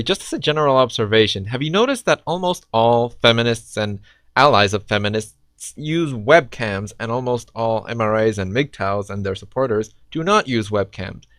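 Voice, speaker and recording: A man's voice: medium pitch, fairly bright tone, no room sound. A man doing reaction commentary in a sarcastic, exasperated way. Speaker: response video commentator.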